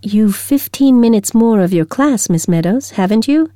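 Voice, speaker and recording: A woman reading a storybook aloud, voicing a stern, prim older headmistress who speaks in a cool, measured way. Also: fairly high pitch, animated, mellow, dry recording, clean studio sound, lightly acted. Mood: disapproving.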